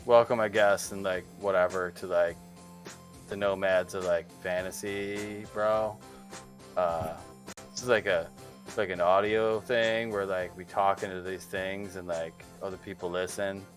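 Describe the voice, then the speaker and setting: A man's voice: sits low, fairly even intonation, unhurried, soft background music. A man voicing a dumb laid-back surfer dude, drawling and packing every phrase with "like" and "bro". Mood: lazy. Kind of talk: podcast intro bit.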